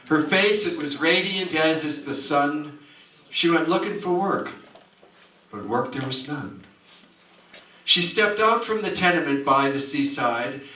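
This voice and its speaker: A man's voice: fairly high pitch, bright, forceful tone. A man at a community coffeehouse reciting a rhyming story poem with rhythmic, theatrical delivery. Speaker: performer. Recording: roomy hall, distant mic.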